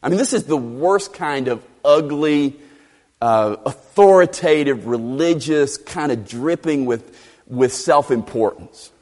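A male preacher in mid-sermon, emphatic and animated, who repeats key phrases for stress. His medium-pitched voice moves up and down a lot. A long reverb trails each line, as in a large hall. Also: unhurried. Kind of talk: expository sermon.

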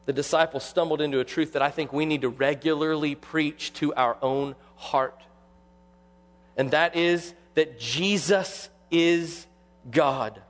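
A male pastor preaching a sermon with animated delivery, acting out quoted voices. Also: fairly high pitch, unhurried, long reverb tail.

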